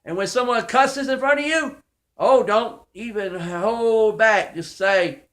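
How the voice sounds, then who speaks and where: Folksy male preacher, high and bright-voiced, fervent, small home-office church. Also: takes it slowly. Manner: folksy, fervent, talks straight to critics. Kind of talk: informal online sermon.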